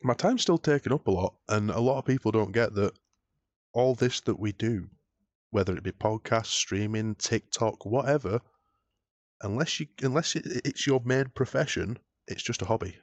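A British man hosting a podcast, chatting casually and telling stories, growing animated when he jokes. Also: fairly low pitch, moderate pace, dry recording. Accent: British English. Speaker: podcast host. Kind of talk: casual chat.

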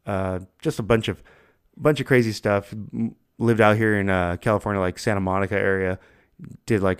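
A man's voice: fairly low pitch, clean tone. A man hosting a podcast, telling stories in a loose, chatty way with lots of fillers and laughs. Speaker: podcast host. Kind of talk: casual chat.

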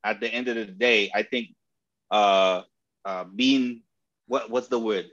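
A man co-hosting a sports podcast, chatting casually, hesitant and searching for words, quick to laugh. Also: fairly low pitch, steady tone, a bit bright, muffled recording. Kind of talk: casual football chat.

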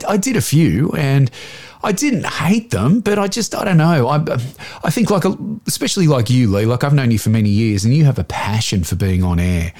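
A man in his forties with an Australian accent, a voiceover artist chatting as an interview guest and telling lively stories with many restarts. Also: medium pitch. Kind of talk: casual interview storytelling.

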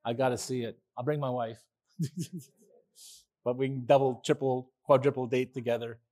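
Pastor, male, mid-pitched, delivering a casual, enthusiastic sermon with frequent asides. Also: little pitch movement, moderate pace, warm tone. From Canada. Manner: chatty, enthusiastic, with restarts and asides. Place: church.

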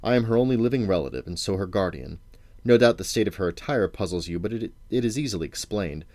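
Man voicing a nervous, babbling storybook wizard, a touch higher than his own voice. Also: lively intonation, fast, a little mellow, no echo, lightly acted. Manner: stammering, over-explaining. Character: flustered middle-aged male magician, fumbling.

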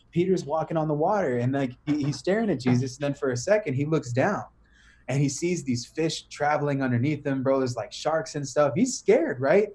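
A young man on a podcast, retelling a story in casual slang, animated, full of "bro" and "right?". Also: a little high, normal speed. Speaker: podcast guest.

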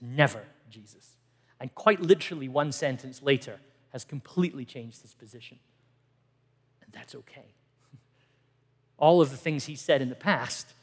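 A middle-aged male pastor giving an earnest sermon, moving between emphatic lines and hushed ones. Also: medium pitch, slightly rough. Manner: earnest, dynamic preaching that swings from emphatic to hushed. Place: church hall. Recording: reverberant church hall.

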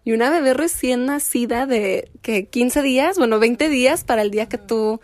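A woman interviewer asking gentle, curious questions in a conversation. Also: on the high side, brisk.

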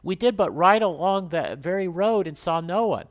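A man's voice: fairly high pitch, animated, moderate pace, voice pushed up. A man reading aloud and voicing a proud, stern male knight marshal who speaks in archaic, urgent phrases. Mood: alarmed.

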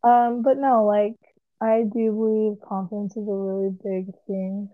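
A woman's voice: medium pitch, flat delivery, measured pace, no echo, phone-quality sound. A young woman co-hosting a casual podcast chat, rambling with lots of "like". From Las Vegas area. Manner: rambling, heavy use of "like". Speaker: podcast co-host.

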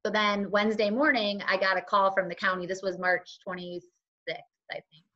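A woman with a mid-range voice speaks at a normal pace as a guest on a conversational show. She tells her own story casually and animatedly, acting out the lines other people said to her. The recording is dull and lo-fi.

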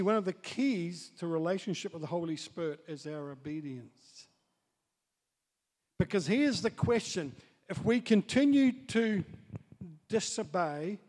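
A man preaching a sermon as pastor, dropping to soft asides and building up to loud, excited storytelling. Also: high voice. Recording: long hall reverb.

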